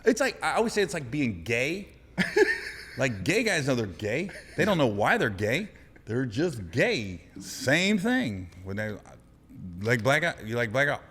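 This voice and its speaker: A man's voice: mid-range voice, a little slow, slightly rough, big-room sound. A man from Ohio, a comedian guest telling funny stories on a podcast and acting out the people in them. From Ohio, USA. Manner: animated, acts out people in the story. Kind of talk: comic storytelling on a podcast.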